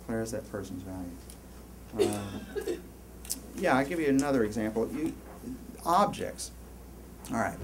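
A man giving a university lecture, rambling and animated, with many restarts and asides to the class. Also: on the low side, measured pace, long pauses, background noise. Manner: animated, rambling, lots of self-interruptions. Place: lecture hall.

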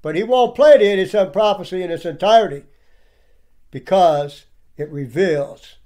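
Emphatic high-voiced male preacher. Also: normal speed, warm tone. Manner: emphatic, keeps addressing the audience as "people". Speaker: religious commentator. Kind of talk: preaching commentary over clips.

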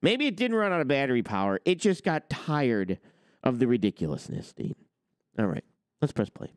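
A man's voice: mid-range voice, sing-song, normal speed, clear, resonant tone, dry recording, clean studio sound. A man hosting a trucking talk channel, ranting with heated sarcasm and swearing. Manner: heated, sarcastic, swears, mocks others in put-on quotes. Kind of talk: ranting opinion monologue.

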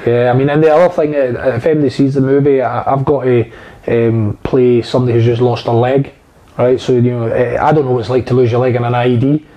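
A man's voice: medium pitch, steady tone, quick pace, mellow, lo-fi sound. A man, an actor chatting casually and telling long, rambling anecdotes full of fillers and swearing. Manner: rambling, profane storyteller with many fillers. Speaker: actor guest.

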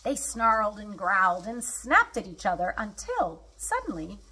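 Woman reading a kids' picture book, slow and lively, bright slightly breathy voice. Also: medium pitch. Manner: expressive and unhurried. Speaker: storyteller. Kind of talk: children's storybook read-aloud.

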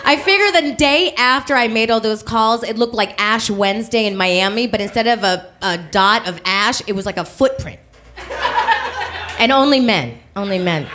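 Woman, stand-up comic, lively swooping voice, fairly high, faint hiss behind. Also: normal speed. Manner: animated storytelling, acts out voices. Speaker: stand-up comedian. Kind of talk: live stand-up comedy. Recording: live show with faint noise.

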